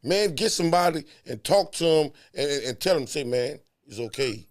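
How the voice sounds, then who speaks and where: A man's voice: on the high side, lively intonation, normal speed. A man in a casual heart-to-heart talk, emphatic and preachy, repeating words to drive points home.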